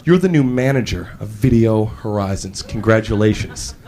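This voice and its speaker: A man's voice: lowish voice, lively intonation, normal speed, warm tone, a little hiss or hum, voice pushed down, close to an everyday voice. A man voicing an overly serious video store manager giving solemn instructions, in a stand-up set. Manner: grave, solemn, pep-talking. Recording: live stand-up with laughing crowd.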